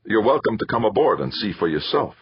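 A man's voice: fairly low pitch, very animated, quick pace, slightly rough, no echo. A man voicing a blunt, grim middle-aged father piloting an ore ship, given to muttering. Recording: slightly muffled.

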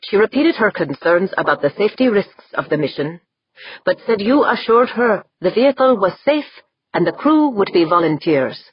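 A woman's voice: mid-range voice, very animated, normal speed, breathy edge, no echo, voice pushed up. A woman voicing a stony male scientist. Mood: grave. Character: stern older male scientist, stony and grave. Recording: dull, dry lo-fi recording.

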